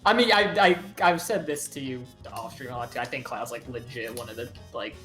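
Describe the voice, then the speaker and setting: A man's voice: mid-range voice, a little fast, pushed and bright, echoey room, soft background music. A man casually commentating a fighting game tournament, rambling with lots of fillers.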